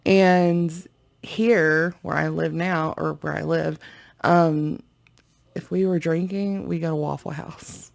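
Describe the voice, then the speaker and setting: Slow, gravelly woman chatting to viewers. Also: deep voice, fairly even intonation. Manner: giggly, rambling, talks to viewers. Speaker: reaction video host. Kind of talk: casual chat reacting to a video.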